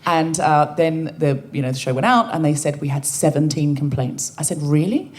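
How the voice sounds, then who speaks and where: A woman co-hosting a comedy podcast, telling wry, animated stories to a live audience on a stage microphone. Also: low-pitched. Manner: wry, animated, quick to joke and quote others. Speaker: podcast co-host.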